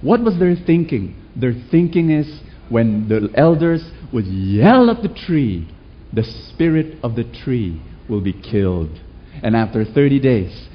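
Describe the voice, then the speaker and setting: A man preaching a sermon to a congregation, animated, with rhetorical questions and sudden shouts. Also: medium pitch. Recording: dull lo-fi recording.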